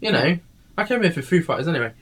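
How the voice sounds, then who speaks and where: A man's voice: on the high side, expressive, racing, a bit bright, slightly rough. A tired man tells a meandering story in a casual podcast chat. He swears freely and fills his sentences with "um" and "you know". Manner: rambling storytelling, many fillers and swearing.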